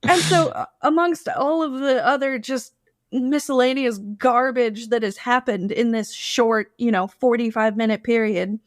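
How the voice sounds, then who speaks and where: A woman's voice: a little high, fairly even intonation, measured pace, no echo, studio quality. A woman as a podcast guest telling her story casually and animatedly, acting out quotes and swearing freely.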